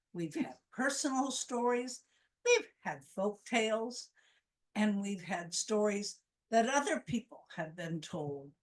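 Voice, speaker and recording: A woman's voice: mid-range voice, a bit bright. A woman hosting a storytelling program, speaking with enthusiasm as she introduces the next speaker. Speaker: program host. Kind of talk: event hosting announcements.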